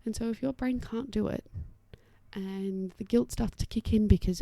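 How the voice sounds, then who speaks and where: A young adult woman hosting a solo podcast as an occupational therapist, chatty and reassuring, often dropping to a soft whisper as she explains parenting strategies. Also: a little high, moderate pace, creaky, no echo.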